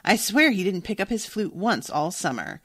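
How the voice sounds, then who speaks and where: A woman's voice: mid-range voice, very animated, normal speed, a bit bright, slightly rough. Woman reading as a lonely, gossipy older shopkeeper. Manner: fussy and gossipy.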